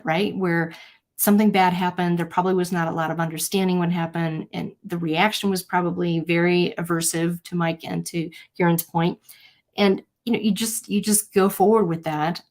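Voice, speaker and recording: A woman with a slightly low voice hosts a live-streamed talk, speaking to her viewers in an earnest, personal way. She tells stories and acts out what people said with lively quoted voices. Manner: earnest, storytelling, animated quotes. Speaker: host.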